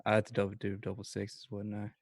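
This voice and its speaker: A man's voice: lowish voice, monotone, quick pace, darkish tone, no room sound, clean studio sound. A man playing a tabletop game, eager and laughing as he plays. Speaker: player. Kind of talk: casual game talk.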